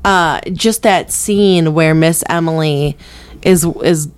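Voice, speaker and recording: A woman's voice: sits low, takes it slowly, clear, resonant tone. A woman co-hosting a casual film podcast, talking in a rambling way with lots of fillers and restarts, laughing easily. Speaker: podcast co-host.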